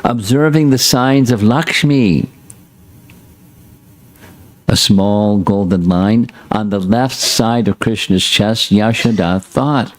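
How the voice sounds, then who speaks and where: A man's voice: fairly low pitch, slow. A man teaching a scripture class, reading a passage aloud and breaking in with short plain asides. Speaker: spiritual teacher.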